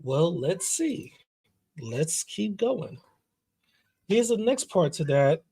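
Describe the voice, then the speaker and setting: A man delivers laid-back drama commentary in a somewhat higher-pitched voice. He talks directly to his viewers in a loose, chatty way and reads documents aloud as he goes. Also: big pitch swings, slow, creaky, mellow, slightly rough. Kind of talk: casual commentary.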